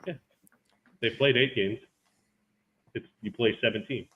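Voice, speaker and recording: A man's voice: medium pitch, measured pace, husky, narrow, tinny audio. A man chatting casually as a panelist on a podcast, offhand and hesitant.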